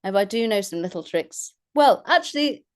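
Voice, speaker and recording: A woman's voice: medium pitch, expressive, moderate pace, darkish tone. A woman, an actress and voice artist chatting as an interview guest, self-deprecating and laughing often as she talks. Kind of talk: casual interview chat.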